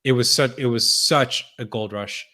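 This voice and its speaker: A man's voice: medium pitch, moderate pace, sharp tone. A man as a podcast guest, talking in a thoughtful, conversational way with many restarts and repeated words. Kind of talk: conversational interview.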